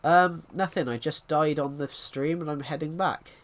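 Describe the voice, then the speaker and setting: A twenty-something man from Britain gives casual, rambling replies to viewer comments during a gaming live stream. He has a fairly high voice and a moderate pace.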